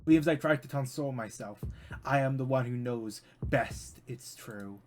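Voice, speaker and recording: A man's voice: medium pitch, moderate pace, darkish tone, soft background music. A man streaming as a VTuber, reading a visual novel aloud with drama and breaking into rambling asides.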